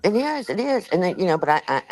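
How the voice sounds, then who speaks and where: An older woman hosting a livestream tells a rambling, chatty story to her live chat, heavy on fillers and a little out of breath. Her fairly low, darkish voice is very animated and fast, and the recording is rough.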